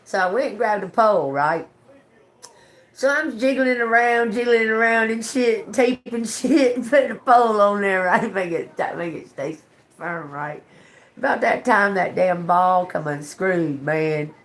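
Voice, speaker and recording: A woman's voice: medium pitch, unhurried. A woman chatting on a live stream from home into her phone, rambling, cursing and laughing as she tells a story. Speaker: tarot reader. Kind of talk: casual live-stream chat.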